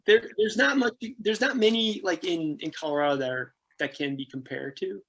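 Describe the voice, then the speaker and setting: A man in his thirties tells his travel adventures as a podcast guest. He laughs a lot and pitches up sharply to act out the people in his stories. His voice sits a little high. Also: moderate pace, creaky. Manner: animated, laughing, acts out quoted people with jumps in pitch. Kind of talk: casual storytelling interview.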